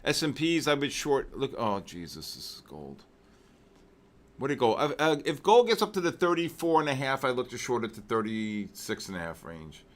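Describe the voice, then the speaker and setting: A man hosting a live trading session, excitedly shouting out viewers' names with heavy market jargon, then dropping to weary muttering over questions. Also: normal speed. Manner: drops to low, weary muttering while reading questions. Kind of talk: live trading-stream commentary.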